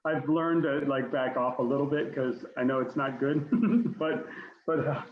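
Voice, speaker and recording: A man's voice: mid-range voice, unhurried. A man hosting a wrestling podcast, chatting with enthusiasm and laughing easily while asking his guest questions. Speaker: podcast host and wrestling parent. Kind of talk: casual interview chat. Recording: dull, roomy remote call audio with faint noise.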